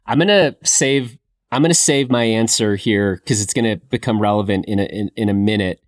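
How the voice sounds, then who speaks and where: A man co-hosting a podcast, leading a relaxed film chat and thinking aloud with fillers. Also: on the low side, fairly quick. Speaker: podcast co-host. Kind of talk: casual film discussion.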